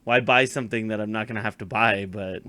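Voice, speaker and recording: A man with a lowish voice and a forceful, bright edge, heard up close with almost no room sound. He co-hosts a movie podcast in an easygoing, wry way. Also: fairly even intonation, fast, dry recording. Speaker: podcast co-host. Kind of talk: casual chat.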